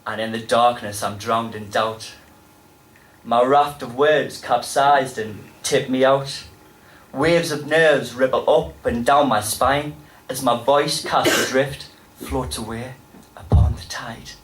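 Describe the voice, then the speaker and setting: A man with a Geordie accent performing spoken-word poetry on stage, with dramatic delivery and sudden loud bursts. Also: mid-range voice, fairly even intonation, slow, far from the mic. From North East England. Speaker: poet. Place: pub venue with a live audience. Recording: roomy live pub recording from afar.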